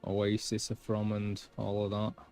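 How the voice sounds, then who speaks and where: A man's voice: fairly low pitch, monotone, measured pace, a little mellow, no room sound, soft background music. A man with a Northern English accent chatting casually on a live stream, rambling and blunt. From England, between Manchester and Yorkshire.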